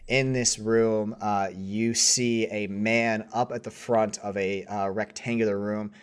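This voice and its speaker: Slow, rambling male game master. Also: lowish voice, little pitch movement, smooth. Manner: rambling, many fillers. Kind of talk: narrating a tabletop game.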